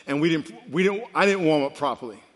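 A man in his fifties, a pastor preaching a sermon with animated storytelling that swings from quiet to loud. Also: on the high side, fast talker. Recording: long reverb of a large hall.

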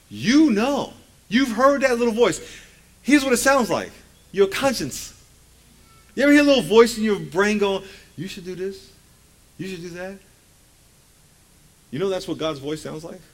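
A male pastor preaching a sermon, emphatic and conversational, leading the congregation in call-and-response and dropping folksy asides. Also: high voice.

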